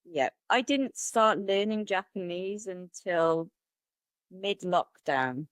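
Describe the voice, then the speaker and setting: A woman speaks as a guest on a podcast. Her voice sits a little low and is caught close and dry, with no room around it. She talks candidly and chattily, laughing easily. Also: slow, smooth, no echo. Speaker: podcast guest, martial artist. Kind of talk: conversational interview.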